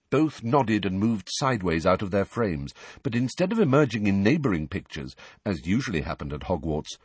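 Low, husky-voiced male storyteller. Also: no echo. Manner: expressive, varied storytelling delivery. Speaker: audiobook narrator. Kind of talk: scripted narration.

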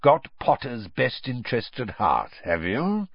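A man voicing a gruff, scarred, menacing old male fighter who barks and speaks with dry menace, on a slightly dull, dry recording. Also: mid-range voice, very animated, measured pace, no room sound, full character voice. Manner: gruff, barking and dryly menacing.

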